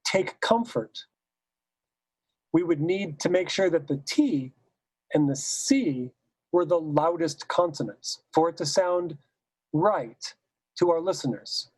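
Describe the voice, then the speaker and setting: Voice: medium pitch, expressive, unhurried, darkish tone, no room sound, low-quality recording. A choral conductor leading a recorded teaching seminar. They explain patiently, point by point, and say example words both the wrong way and the right way. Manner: explains patiently, stepping through points one by one. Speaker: choral conductor and clinic leader.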